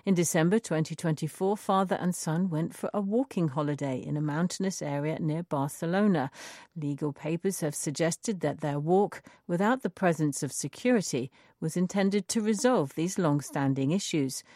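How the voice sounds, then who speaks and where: A woman reporter reading a scripted news report in a measured delivery. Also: sits low, mellow, no room sound, studio quality.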